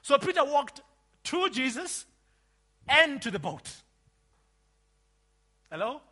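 Animated, high-voiced male preacher. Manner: emphatic, swings from loud outbursts to quiet asides. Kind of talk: sermon.

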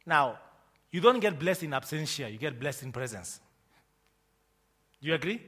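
A man pastor preaching a sermon, emphatic and forceful, constantly quizzing the congregation with repeated questions. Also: on the high side, big pitch swings, moderate pace, long pauses, breathy edge.

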